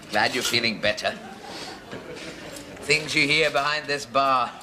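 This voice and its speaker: A man's voice: mid-range voice, slow, background noise, natural voice. An actor playing a fussy, chatty pub landlord in a 1970s sitcom, chattering and laughing at his own jokes. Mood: cheery. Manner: chattering, giggling, self-amused. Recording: studio audience laughter.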